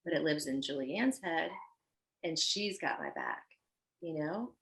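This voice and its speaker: A woman's voice: low-pitched, a little slow, vocal fry, poor audio. A woman guest on a podcast interview, a fashion designer speaking in an earnest, effusive way. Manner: earnest and effusive, animated when telling stories.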